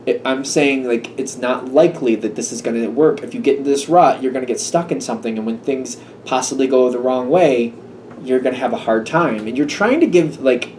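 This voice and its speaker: A man's voice: medium pitch, darkish tone. Guy doing a chill tarot reading, kinda hesitant, lots of ums and restarts, faint background hum. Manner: musing, hesitant, full of fillers and restarts. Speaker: tarot reader. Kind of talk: casual tarot reading monologue. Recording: slightly distant mic with faint room noise.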